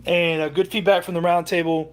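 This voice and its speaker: Young guy w/ a high voice ranting on his sports stream, swearing, restarting sentences. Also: flat delivery, a little fast. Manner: heated, profane, rambling with restarts. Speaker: livestream host. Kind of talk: sports rant livestream.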